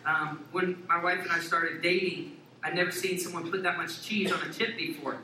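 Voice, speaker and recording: Playful high-voiced preacher in an echoey hall. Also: male voice, normal speed, slight background noise. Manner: playful, joking and animated. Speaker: pastor. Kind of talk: sermon. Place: church sanctuary. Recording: echoey church hall from far off with congregation. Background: congregation.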